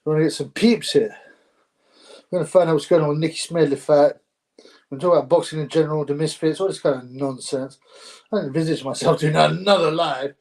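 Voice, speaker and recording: A young man chats loosely on his own livestream, rambling from topic to topic. His voice sits a little high for a man, and his talk is full of street slang and laughter. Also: fast, darkish tone. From United Kingdom. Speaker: livestream host. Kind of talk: casual solo livestream chat.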